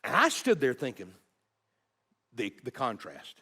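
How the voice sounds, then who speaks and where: Animated male pastor telling a story. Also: mid-range voice, husky, big-room sound. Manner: earnest, halting repeats, hushed dips. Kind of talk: sermon storytelling.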